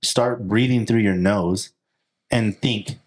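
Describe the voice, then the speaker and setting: A man's voice: on the low side, takes it slowly, breathy edge. A man co-hosting a podcast in casual conversation, rambling with frequent restarts and acting out his own inner thoughts. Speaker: podcast co-host.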